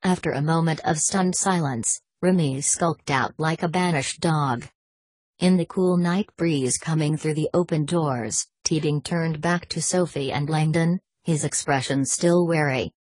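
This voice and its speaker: A woman reads a thriller aloud at a steady, even pace. Her voice sits low and a little husky. The sound is dry and close, with no room around it. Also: a little slow, no room sound. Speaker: audiobook narrator. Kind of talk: audiobook reading.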